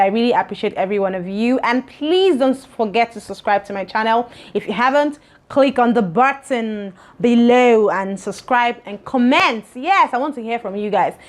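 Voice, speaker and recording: Chatty vlogger woman, fairly high voice. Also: normal speed. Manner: chatty, scolding, animated. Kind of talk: casual talk to camera.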